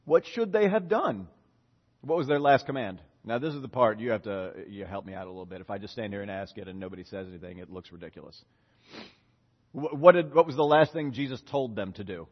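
Animated pastor man in a hall. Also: fairly low pitch. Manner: animated, questions the congregation, acts out prayers. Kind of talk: sermon. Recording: dull reverberant hall.

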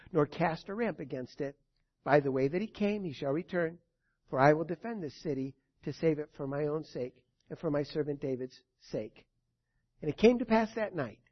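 A man preaching a sermon and reading scripture, swinging between loud proclamation and quiet asides. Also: a little high. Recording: dull lo-fi recording.

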